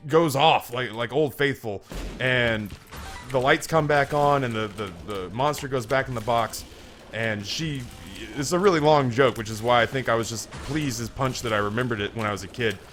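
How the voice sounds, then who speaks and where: A man's voice: mid-range voice, normal speed, fairly bright tone, faint music behind. A man casually commenting on a video game and telling a long joke, with frequent stammered restarts.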